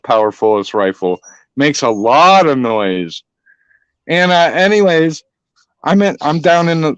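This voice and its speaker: A man's voice: mid-range voice, clear, resonant tone, no echo, highs cut off. A man telling a hunting story in casual chat, swearing a lot and acting out the voices. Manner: profane, animated, acts out voices.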